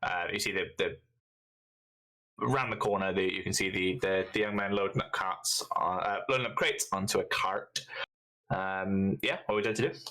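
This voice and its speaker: A man narrating as game master in a tabletop game, halting and full of fillers. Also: deep voice, sharp tone, poor audio. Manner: halting, many fillers, laughs often.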